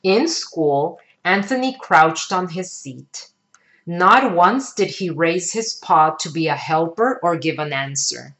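A woman reading a children's picture book aloud in an expressive storytelling manner. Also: on the low side, takes it slowly. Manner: expressive, sing-song storytelling.

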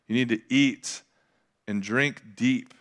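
A young adult man preaching a sermon as a pastor, casual and confessional, with lively acted asides. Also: mid-range voice, slow pace.

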